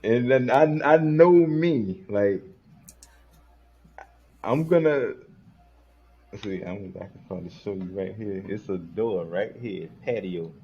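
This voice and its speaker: A man's voice: fairly low pitch, takes it slowly, pauses often, husky, lo-fi sound. Emphatic man swearing he'd flee. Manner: animated, emphatic, repeats himself for effect. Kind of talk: casual podcast chat.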